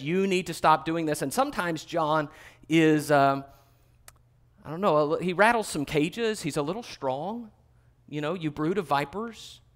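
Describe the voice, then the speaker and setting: A man with a slightly higher voice leads a Bible study. He teaches in an easygoing, conversational way, stopping for fillers and small restarts. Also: fairly bright tone. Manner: conversational, with fillers and self-corrections.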